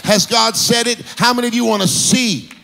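A man pastor preaching a sermon in a rhythmic, sing-song style that swells into shouts. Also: extremely high pitch, normal speed, vocal fry. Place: church sanctuary. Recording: reverberant hall with music underneath.

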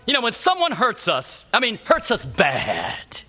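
A middle-aged male preacher delivers a sermon in a church. His voice sits high and sounds bright and forceful, and his pitch swings widely as he drives home each repeated point. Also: huge pitch swings, slightly rough. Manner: emphatic, repetitive preaching with slowed punchlines. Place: church sanctuary.

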